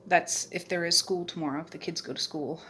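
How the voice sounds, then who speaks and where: A middle-aged woman from Canada chats casually into her phone camera, rambling and circling back with fillers. Her voice sits a little low. A faint hiss of background noise runs under it. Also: fairly even intonation, fairly quick. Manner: chatty, rambling, warm sign-off with repeated fillers. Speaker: vlogger. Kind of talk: casual chat. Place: outdoors in cold snowy weather, then at home.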